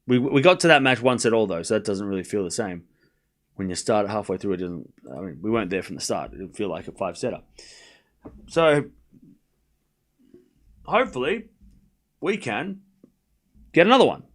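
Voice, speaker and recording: A man's voice: fairly low pitch, very animated, normal speed, long pauses. A man hosting a live tennis watchalong, chatting casually with viewers and calling out scores in a jokey, rambling way. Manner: chatty, jokey, calls scores while reading chat. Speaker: watchalong host.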